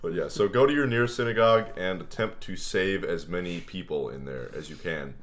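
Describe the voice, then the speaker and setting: A man's voice: sits low, fairly quick, a little hiss or hum. A man co-hosting a podcast in casual chat, rambling with lots of fillers and breaking into laughter. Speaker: podcast co-host.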